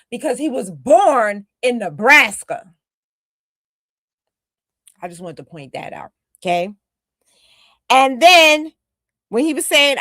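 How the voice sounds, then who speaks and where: A woman's voice: high-pitched, very animated, slow, long pauses, a bit bright, no room sound, clean studio sound. A woman co-hosting a podcast, giving emphatic, scolding commentary aimed straight at her critics. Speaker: podcast co-host. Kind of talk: casual commentary.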